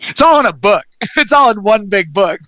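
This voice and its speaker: A woman's voice: mid-range voice, sing-song, moderate pace, a bit bright. A young adult woman co-hosting a podcast in casual comedic chat, giggling often as she riffs on absurd ideas. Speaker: podcast co-host.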